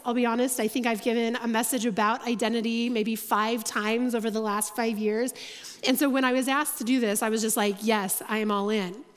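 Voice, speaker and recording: A woman on a church's staff gives the sermon in a fairly high voice, chatty and poking fun at herself, tossing in quick asides while telling stories. A long reverb from the big auditorium trails her words.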